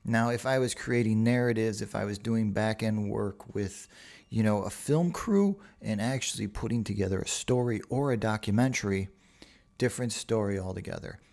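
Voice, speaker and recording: A man's voice: fairly low pitch, moderate pace, gravelly, darkish tone. A man hosting a solo podcast, talking casually and rambling with profane asides. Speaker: podcast host.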